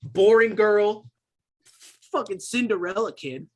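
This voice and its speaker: A man's voice: high-pitched, sing-song, a little fast, a bit bright, breathy edge, voice pushed up, full character voice. A man voicing Kyle, a cocky teenage jock who sneers and taunts. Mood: sneering.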